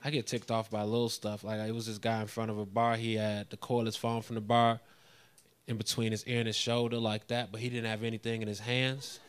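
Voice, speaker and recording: A man in his thirties doing a stand-up routine on stage, mostly deadpan, working up into indignant rants. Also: lowish voice, brisk. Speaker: stand-up comedian. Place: live comedy venue with an audience.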